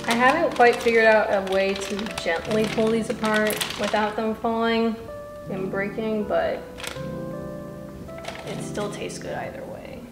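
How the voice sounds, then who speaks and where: A woman dietitian chatting casually through a home cooking vlog, self-deprecating and quick to laugh. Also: on the high side, echoey room. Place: home kitchen.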